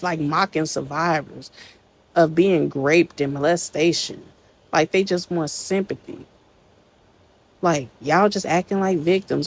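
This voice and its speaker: A woman's voice: on the low side, lively intonation, a little slow, gravelly, rough recording. A woman hosting a commentary channel, reacting in a casual, slangy, indignant scolding way.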